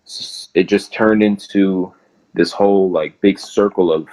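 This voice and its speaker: A man's voice: deep voice, steady tone, a little slow, dark tone, low-quality recording. A young man, a guest in an interview, telling a long story in a rambling casual way and filling nearly every phrase with "like".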